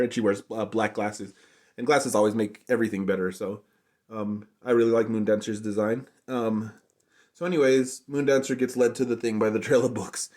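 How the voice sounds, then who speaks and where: A man's voice: lowish voice, darkish tone. A man giving an unscripted, casual review, rambling along and saying "like" constantly. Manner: rambling, heavy use of "like" fillers. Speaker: show reviewer.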